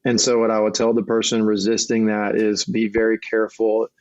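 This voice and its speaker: A man's voice: lowish voice, level tone, brisk, a little mellow, no echo. A middle-aged man, a marriage coach and guest, talking earnestly in a casual conversation with frequent restarts, on a dull lo-fi recording.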